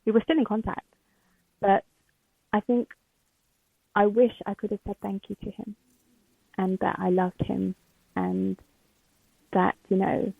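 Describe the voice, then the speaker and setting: Gravelly woman on a tinny line. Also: medium pitch, fairly even intonation, no echo. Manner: emotional, halting, many fillers. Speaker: podcast guest. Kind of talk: candid interview.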